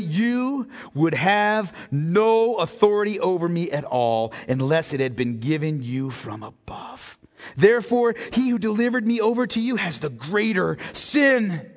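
A man preaching a sermon as pastor, swinging from hushed reading to shouted emphasis. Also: high voice, animated, normal speed. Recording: hall reverb.

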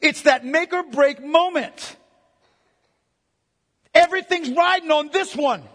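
A man preaching a sermon as pastor, emphatic, swinging from loud declarations to hushed, intimate passages. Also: very high voice, slow pace, in a large hall.

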